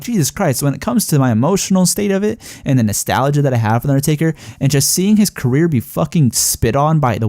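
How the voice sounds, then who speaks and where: A young man with a slightly high voice rants about a wrestling show. He rambles, swears freely and gets worked up. The sound is dry and close. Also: darkish tone, no room sound. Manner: heated, profane, rambling with frequent fillers. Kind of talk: casual ranting review.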